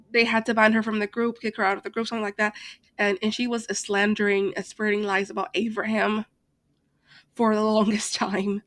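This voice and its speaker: Her voice is medium-pitched and a bit bright, with no echo. A channel host who roleplays in Second Life, she vents casually to camera, worn out from staying up late and fed up, stumbling through fillers and false starts.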